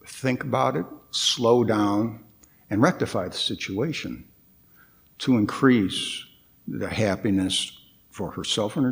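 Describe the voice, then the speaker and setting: A man with a somewhat low voice delivers a guest dharma talk at an easy, slow pace. His pitch moves widely as he explains, and he often pauses and restarts his phrases. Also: vocal fry. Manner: hesitant, with frequent restarts and pauses.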